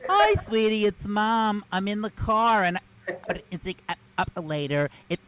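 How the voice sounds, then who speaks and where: A woman's voice: mid-range voice, lively intonation, a little slow, pitched above the performer's own voice, natural voice. A man voicing a chatty, guilt-tripping mother leaving rambling voicemails. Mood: nagging. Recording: noisy video call audio.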